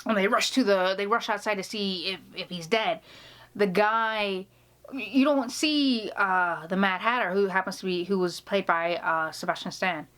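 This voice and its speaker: A woman's voice: medium pitch, normal speed, fairly bright tone. A woman vlogger chatting casually indoors, telling a story with laughs and many restarts. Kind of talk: casual chat. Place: indoor room.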